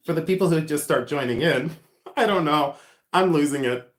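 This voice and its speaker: A man's voice: a little high, animated, moderate pace, a bit bright. Giggly man chatting on a livestream, echoey room. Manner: giggly, rambling, lots of ums and laughs. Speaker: livestream host selling vintage jewelry. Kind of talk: casual livestream chat reading viewer comments.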